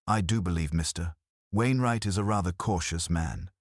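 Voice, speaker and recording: A man's voice: low voice, moderate pace, no room sound, clean studio sound. A man voicing an elderly woman sleuth who speaks in a light, pleasant, conversational way. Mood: pleasant, probing. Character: elderly woman sleuth, gentle, shrewd, unruffled.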